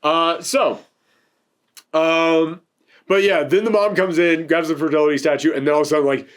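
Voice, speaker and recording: A man's voice: fairly high pitch, fairly even intonation, moderate pace. A man hosting a casual film review chat, rambling and laughing often while sitting on a couch. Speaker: podcast host reviewing films.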